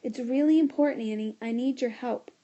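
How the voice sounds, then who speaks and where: A woman voicing an earnest, urgent schoolboy in a storybook reading, sometimes yelling insistently. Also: fairly high pitch, brisk, muffled recording, close to an everyday voice. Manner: loud insistent yelling at times.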